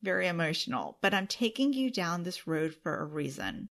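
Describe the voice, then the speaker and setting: A woman's voice: lowish voice, sing-song, moderate pace. Emotional, earnest woman podcaster. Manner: emotional, earnest, tearful at times. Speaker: podcast host. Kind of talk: solo podcast monologue.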